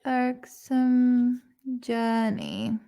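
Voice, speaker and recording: A woman's voice: on the high side, very animated, very slow, gravelly, mellow. A woman chatting casually while studying vocabulary, repeating words aloud and swearing and laughing freely. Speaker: English vocabulary vlogger.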